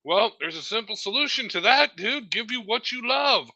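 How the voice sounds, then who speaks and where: A man's voice: high-pitched, expressive, normal speed, sharp tone, muffled recording. A man in a heated political discussion, emphatic and blunt. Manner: emphatic, terse agreements. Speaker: discussion group participant.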